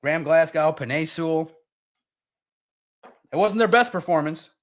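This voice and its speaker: A man's voice: a little high, normal speed. A man hosting a live sports podcast, ranting bluntly and emotionally about a team's loss while reading viewer comments.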